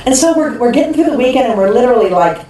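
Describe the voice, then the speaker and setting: A woman who owns a restaurant, chatting as a podcast guest and telling her story in a lively way, often laughing and acting out what people said. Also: a little high, racing, distant mic, a little hiss or hum. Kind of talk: animated storytelling in casual chat. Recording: roomy echo, a bit off-mic, faint ambience.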